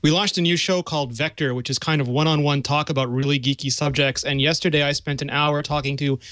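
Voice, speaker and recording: Quick-talking eager man. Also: on the high side, fairly even intonation, a bit bright, dry recording. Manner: eager, quick plugging of his own show. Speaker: podcast guest. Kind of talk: casual podcast chat.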